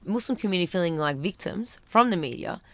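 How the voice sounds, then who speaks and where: A woman's voice: lowish voice, lively intonation, quick pace, fairly bright tone, no room sound. A woman moderating a panel discussion, steering it with probing questions and brief recaps. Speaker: interviewer and moderator.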